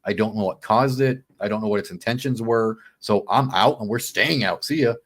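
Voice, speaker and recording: Speaking briskly in a fairly low voice, this podcast guest animatedly recounts a story in relaxed conversation. He voices his own quotes and keeps dropping "man" and "dude."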